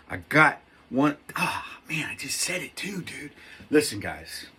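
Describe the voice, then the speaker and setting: Husky, excitable middle-aged man rambling. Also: mid-range voice, unhurried. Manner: rambling, excitable, self-mocking. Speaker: knife reviewer. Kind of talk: casual talk to camera.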